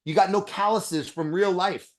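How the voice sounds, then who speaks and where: A man who is a dentist, a guest on a podcast interview, talking bluntly with profanity and animated storytelling. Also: high voice, moderate pace.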